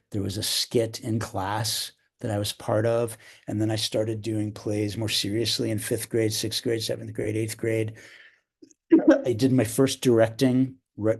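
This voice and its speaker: An older man speaks in a low register, unhurried and reflective. He restarts his phrases often and carries a slight cough from a tickle in his throat. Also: darkish tone. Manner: reflective, with frequent restarts and fillers. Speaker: theater director, guest. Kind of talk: podcast interview.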